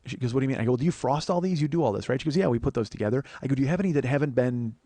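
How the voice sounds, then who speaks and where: A man's voice: medium pitch, racing, no room sound. A man telling a long comic story on a podcast, swearing freely and acting out both sides of a conversation. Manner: profane, animated storytelling, breaks into laughter.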